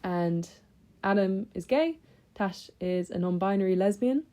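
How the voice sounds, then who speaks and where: Mellow-voiced young woman chatting about books. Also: mid-range voice, lively intonation, unhurried. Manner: chatty and enthusiastic, with many fillers and restarts. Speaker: book vlogger. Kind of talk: casual book review chat.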